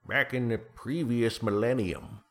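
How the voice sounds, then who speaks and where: A man's voice: medium pitch, measured pace, a bit bright. A middle-aged man chatting casually as an interview guest, rambling and self-deprecating, with lots of fillers and restarts. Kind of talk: casual conversation.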